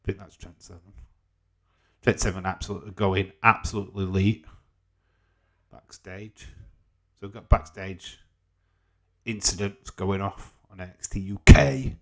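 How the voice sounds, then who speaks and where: A man's voice: sits low, fairly even intonation, measured pace, long pauses. A British man hosting a casual live watch-along stream, chatting, swearing freely and reading out viewer comments. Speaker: livestream host.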